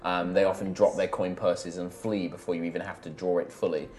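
A man narrating a tabletop game as game master, descriptive and halting. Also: low voice, flat delivery, darkish tone. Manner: descriptive, halting with fillers, laughing.

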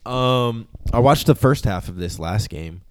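A man's voice: medium pitch, animated, measured pace, slight background noise. A man co-hosting a sports podcast, cocky and swearing in casual banter. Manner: cocky, swears, repeats himself. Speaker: podcast co-host.

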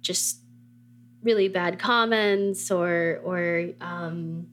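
A woman hosting a podcast interview, relaxed and casual, saying "like" a lot. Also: lowish voice, drawn-out words, a little hiss or hum. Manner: relaxed, lots of "like". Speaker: podcast host.

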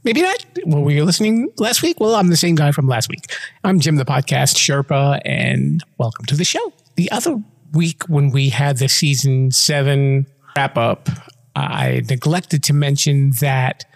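A male podcast host with a fairly high voice, chatty and full of playful asides. His voice trails off into a long reverb. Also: sing-song, a little slow. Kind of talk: casual interview chat.

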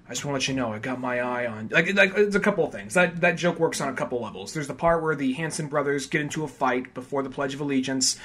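A young man hosting a podcast, chatting casually about a film, rambling with lots of fillers and loudly acting out quotes. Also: medium pitch. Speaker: podcast host. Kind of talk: casual film review chat.

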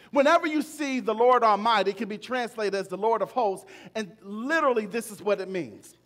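A male pastor preaching a sermon, emphatic and repeating phrases for stress. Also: high voice. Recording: long reverb of a large hall.

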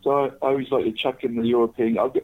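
A man's voice: mid-range voice, steady tone, rapid-fire. Man, casual podcast chat, rambling, tinny phone-like sound. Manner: chatty, rambling, says "mate" constantly. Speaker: podcast co-host, football tipster.

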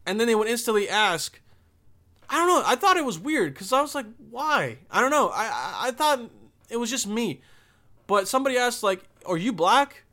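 A man's voice: extremely high pitch, sing-song, brisk, sharp tone. A young man from Bosnia with no accent, talking in a rambling, profane, emphatic casual monologue.

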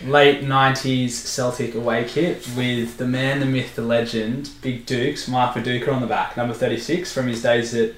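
A man hosting a football chat in a relaxed, easygoing way, moving the conversation along. His mid-range voice sounds roomy and echoey. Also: mid-range voice, normal speed, few pauses, slight background noise. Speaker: podcast host. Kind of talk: casual chat.

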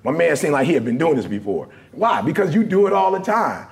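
A man giving a motivational talk to a live audience, animated and repeating "right?" and "you know what I'm saying" often. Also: a little high, brisk, gravelly. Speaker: guest speaker.

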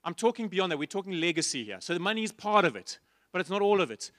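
A man's voice: high-pitched, very animated, quick pace, fairly bright tone, no room sound, clean studio sound. A man preaching a sermon in church, passionate and repetitive, asking his listeners rhetorical questions. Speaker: pastor.

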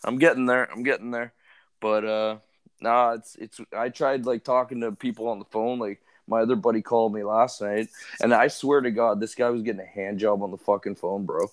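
A man co-hosting a podcast, hoarse as his voice comes back after being sick, talking in a laid-back, profane way. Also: fairly low pitch, fairly even intonation, a little fast. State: hoarse, voice still recovering from illness. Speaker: podcast co-host. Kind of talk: crude casual chat.

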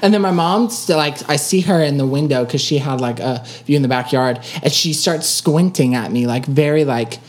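Low-voiced young woman telling a story. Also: moderate pace, hardly any pauses. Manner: animated storytelling, acts out quotes, laughs often. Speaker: storyteller in group chat. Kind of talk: casual podcast chat.

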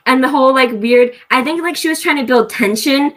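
Book club woman, very high bright voice, animated and disbelieving. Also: a little fast. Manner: animated, incredulous, acts out scenes. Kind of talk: casual book discussion.

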